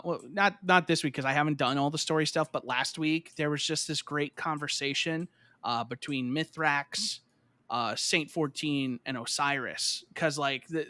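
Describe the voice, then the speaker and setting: A man with a high, bright, fairly sharp voice chats casually on a gaming podcast. He rambles with plenty of filler words and curses, and turns heated and emphatic when something bothers him. The sound is close and dry. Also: no room sound. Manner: rambling, full of "like" and swearing. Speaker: podcast co-host.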